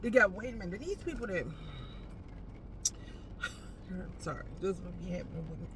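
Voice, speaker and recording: Parked outside a post office, a woman entrepreneur vlogs casually to camera, animated and playful, calling the viewer "baby." Her voice is fairly low, her pace moderate, with slight background noise.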